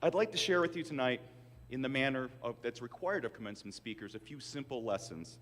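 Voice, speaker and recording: A man's voice: mid-range voice, lively intonation, brisk, a bit bright. An older man in his sixties giving a commencement address with wry, self-deprecating storytelling. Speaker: commencement speaker. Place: large auditorium. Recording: hall reverb from a PA.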